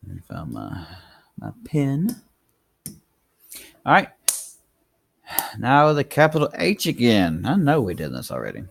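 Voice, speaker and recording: A man with a gravelly, low voice walks viewers through cursive letters. He chats and encourages as he writes along. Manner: chatty, encouraging, talks while writing. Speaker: handwriting teacher. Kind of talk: casual tutorial narration.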